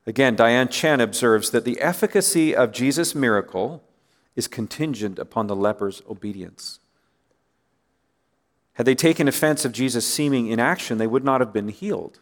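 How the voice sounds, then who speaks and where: A man's voice: mid-range voice, normal speed. A man preaching a sermon in a conversational way, often asking listeners rhetorical questions and letting his voice drop at the ends of phrases. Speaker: pastor.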